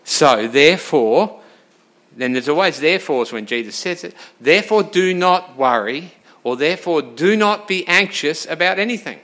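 Bright-voiced male preacher, animated sermon. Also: a little high, normal speed. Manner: animated, talks straight to the congregation with questions; shifts between loud emphasis and quiet asides.

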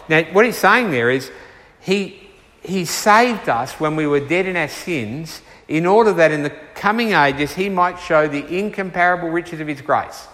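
A man preaching a sermon and taking questions, earnest and unhurried, slowing down to stress key words. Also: a little high, animated, bright, forceful tone. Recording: reverberant hall.

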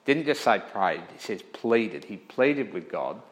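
A man's voice: on the low side, sing-song, measured pace, low-quality recording. A male pastor giving a conversational sermon, often checking in with listeners and correcting himself as he thinks aloud.

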